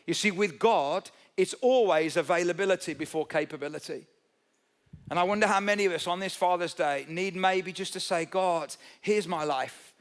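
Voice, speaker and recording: Man, preacher, high voice, emphatic, conversational sermon, church service. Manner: conversational, emphatic preaching with a quickening and slowing pace. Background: live instrumental music.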